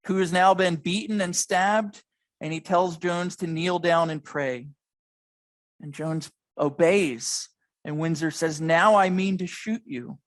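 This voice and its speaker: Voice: medium pitch, no echo, poor audio. Dramatic storytelling history lecturer. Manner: dramatic storytelling, stressing key moments. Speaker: museum lecturer.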